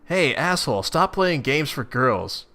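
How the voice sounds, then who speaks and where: Guy doing a cranky cussing troll boy, bright and sharp. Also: medium pitch, big pitch swings, a little slow, faint music behind, exaggerated voice. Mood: snapping. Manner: angry, foul-mouthed ranting. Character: loud irritable young male troll leader.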